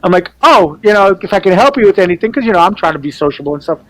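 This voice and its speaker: High-voiced man telling lively stories. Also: very fast, no echo, low-quality recording. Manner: animated storyteller who acts out quoted voices; swears freely. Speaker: artist on a team panel show. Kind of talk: casual storytelling chat.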